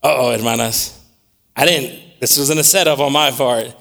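A man preaching a sermon, swinging between loud scripture reading and quiet, repetitive asides. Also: mid-range voice, normal speed, vocal fry. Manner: repeats words while searching for them.

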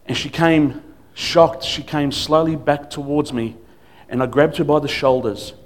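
A man's voice: a little high, unhurried. A man preaching as a guest pastor, telling stories with humor and acting out what people said. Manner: storytelling with humor and acted quotes. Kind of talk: sermon.

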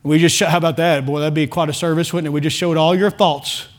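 In full sermon mode in a church sanctuary, a pastor whose voice sits notably high for a man fires emphatic rhetorical questions at the congregation. He talks fast, keeping a steady tone.

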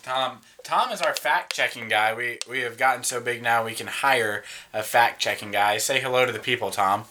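A man's voice: medium pitch, normal speed, pushed and bright, a little hiss or hum. A young man co-hosting a casual podcast, playful and mock-outraged, laughing often. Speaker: podcast co-host. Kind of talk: casual chat.

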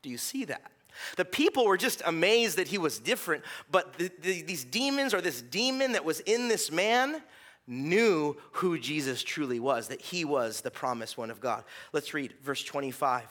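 Guy pastor preaching, chatty, keeps going "right?", highish bright voice. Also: expressive, moderate pace. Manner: conversational preaching with restarts and "right?" asides. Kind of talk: sermon.

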